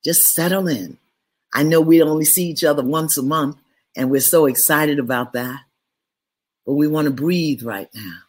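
A woman with a somewhat low voice leads a spiritual session over a webcam stream. She welcomes her listeners with affection and stretches out key words for emphasis. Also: husky. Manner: lively, affectionate greetings with drawn-out emphasis. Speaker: spiritual teacher hosting a monthly online gathering. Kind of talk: livestream welcome and spiritual talk.

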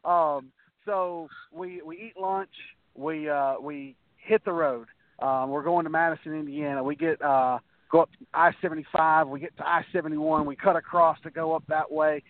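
A man's voice: a little high, steady tone, moderate pace. A man in a casual interview, spinning long anecdotes in a slightly raised voice, stumbling over restarts and acting out other people's lines. The sound is thin and phone-like, and it is close and dry with no room echo. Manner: rambling anecdotes with many restarts and acted-out quotes. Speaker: guest, wrestler.

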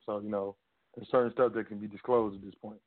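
A man hosting a call-in show, chatting casually and thanking callers in a relaxed way. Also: on the low side, fast talker. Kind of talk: casual call-in radio chat. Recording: phone-like line with faint music.

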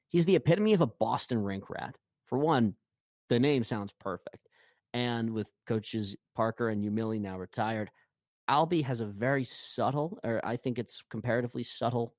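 A man's voice: medium pitch, darkish tone, no echo, clean studio sound. A man co-hosting a podcast in casual hockey chat, rambling with many fillers and restarts. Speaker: podcast co-host.

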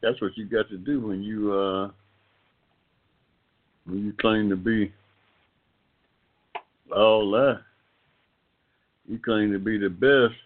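A man's voice: lowish voice, steady tone, slow, pauses often. An older man, hosting a casual internet radio talk show in a rambling, folksy way. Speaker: host. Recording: phone-like call-in line.

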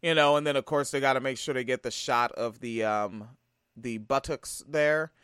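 A man's voice: medium pitch, normal speed, a bit bright, clean tone, dry recording. A man from Tacoma giving a profane, heated reaction commentary. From Tacoma, Washington. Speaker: video commentator.

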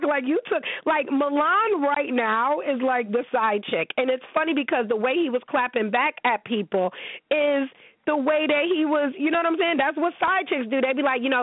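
Woman talk-show host, casual profane commentary, slightly high voice, tinny and dry. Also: moderate pace, dry recording. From United States. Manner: blunt, profane and animated.

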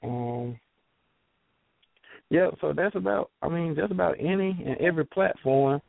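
A man from Georgia with a Southern accent, a guest author chatting in a halting, rambling way with many fillers, heard over a phone line. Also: fairly high pitch, animated, creaky, slight background noise. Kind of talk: casual call-in chat.

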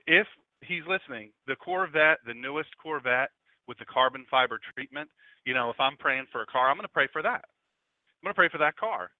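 A man's voice: mid-range voice, no echo. Middle-aged man, pastor, chatty radio sermon full of joking asides, dry and tinny phone-like sound. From Delaware, USA.

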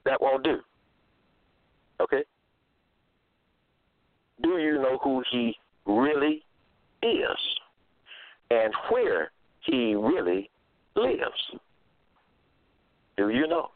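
A man's voice: mid-range voice, sing-song, drawn-out words, pauses often, no room sound. Man teaching scripture over tinny audio. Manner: repetitive, asks listeners rhetorical questions. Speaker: Bible teacher. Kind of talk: religious teaching monologue. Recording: dry, phone-like lo-fi audio.

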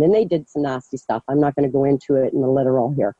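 A caller telling a personal story slowly, with halting pauses and many fillers. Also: mid-range voice, warm tone, no echo, dull audio. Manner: slow, halting, measured. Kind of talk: personal story on a call-in show.

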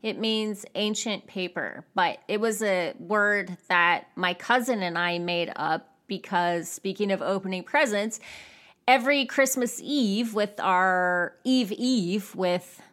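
A woman in her forties hosting her own podcast, talking casually and expressively in a solo episode. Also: slow. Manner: chatty and expressive, with jumps in pitch. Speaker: podcast host.

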